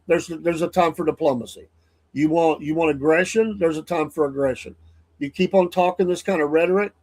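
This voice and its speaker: A man hosting a morning show, giving blunt, heated solo commentary that rambles and restarts often. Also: fairly high pitch. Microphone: studio mic.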